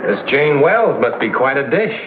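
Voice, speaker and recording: An actor playing a hearty, blustering uncle in a sitcom. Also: male voice, mid-range voice, very animated, normal speed, very noisy, natural voice. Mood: jovial. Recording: tinny old TV sound, roomy set.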